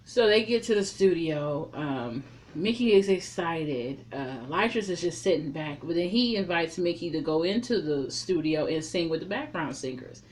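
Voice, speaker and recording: A woman's voice: sits low, moderate pace, a little hiss or hum. Blunt, profane woman recapping a film. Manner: profane, blunt, animated storytelling. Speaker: reviewer. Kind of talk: casual recap and commentary.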